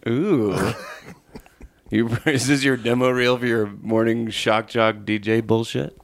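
A man's voice: medium pitch, fairly even intonation, takes it slowly, slight background noise. A man co-hosting a comedy podcast in casual, joking banter, laughing often and swearing. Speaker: podcast co-host.

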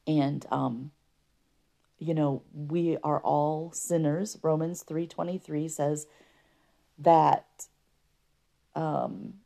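A woman hosting a podcast, telling her own story unscripted and earnestly, with a rough voice from allergies and frequent throat clearing. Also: deep voice, fairly even intonation, very slow, pauses often, warm tone. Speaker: podcast host. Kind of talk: personal testimony podcast.

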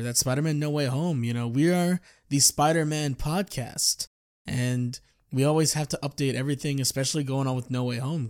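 A man hosts a podcast alone, rambling casually to his listeners and frequently restarting or correcting his sentences. His voice is medium-pitched with a darkish tone, recorded in clean studio sound with no echo.

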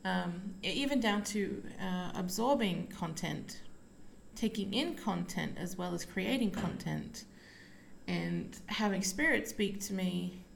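A woman hosting a casual solo podcast, talking while lying down at home, relaxed and rambling with many fillers. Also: lowish voice, slow, vocal fry, a little hiss or hum. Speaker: podcast host and psychic medium.

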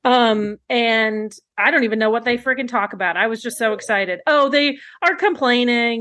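A woman's voice: a little high, moderate pace, few pauses, pushed and bright, no echo. A woman co-hosting a podcast, chatting enthusiastically and giggling while recapping a TV episode. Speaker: podcast co-host. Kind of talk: casual chat recapping a TV episode.

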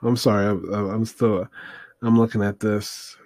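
A man's voice: lowish voice, steady tone, measured pace, darkish tone, dry recording. A man rambling through a casual movie review, hesitant and full of fillers as he looks things up while talking.

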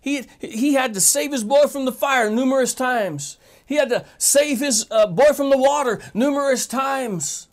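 A man's voice: extremely high pitch, a little slow, few pauses. A man preaching a sermon, talking straight to his listeners with emphatic rhetorical questions.

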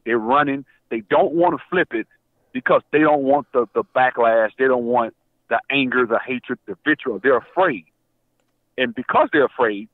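Male caller, phone-line audio, worked up and stammering, lively pitch. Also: no echo. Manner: agitated, stammering, repeats himself. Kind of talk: call-in show conversation. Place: Atlanta area.

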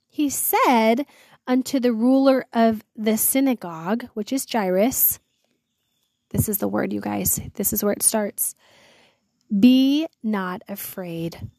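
As host of a devotional series, a woman reads Bible verses aloud and then retells them in chatty slang, earnest and awed, often exclaiming "wow". Her voice is a little high and darkish, with no echo.

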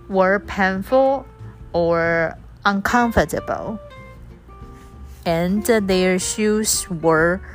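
A woman reading a storybook aloud as an English lesson, spelling out words letter by letter and explaining them in two languages. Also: mid-range voice. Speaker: English teacher.

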